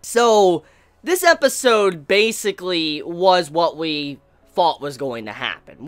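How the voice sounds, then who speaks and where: A casual video reviewer talking excitedly and rambling about an animated episode, using lots of filler and swearing freely. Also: mid-range voice. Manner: excitable, laughing, swears a lot; rambling, fond of "like" and "yo".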